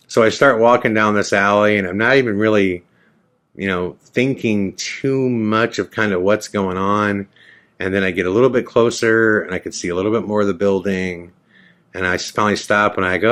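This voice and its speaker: A man with a deep, low voice hosts a podcast, telling his own story casually. He jumps between narration and quoted dialogue, acting out both speakers as he goes. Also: brisk. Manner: animated retelling, acts out both sides of dialogue. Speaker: podcast host. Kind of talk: casual first-person storytelling.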